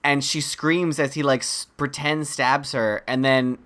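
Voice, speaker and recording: A man's voice: mid-range voice, unhurried. A man co-hosting a podcast, recapping a horror movie in casual chat and acting out the characters' lines. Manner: animated retelling, quotes characters in mock voices. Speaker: podcast co-host.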